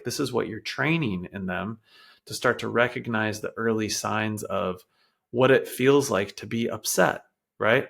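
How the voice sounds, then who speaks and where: Gravelly low-voiced man explaining parenting. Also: normal speed, fairly bright tone. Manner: conversational, many fillers and acted quotes of parents and kids. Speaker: podcast host. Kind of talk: casual explanatory talk on parenting.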